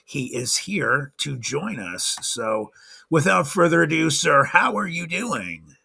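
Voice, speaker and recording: A man's voice: fairly high pitch, lively intonation, slow pace, creaky, pushed and bright, husky. A man hosting a livestream in a casual chatty way, greeting viewers by name one after another. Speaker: livestream host.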